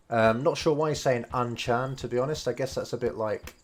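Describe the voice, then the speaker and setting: A man's voice: medium pitch, brisk, few pauses, a little hiss or hum. A man, casually explaining Japanese words while streaming a game, rambling and restarting his sentences often. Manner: rambling, hesitant, many fillers and restarts.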